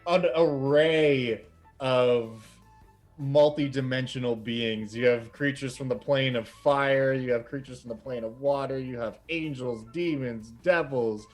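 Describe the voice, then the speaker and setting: A man's voice: medium pitch, measured pace, soft background music. A man narrating as game master in a loose, chatty way, with many fillers.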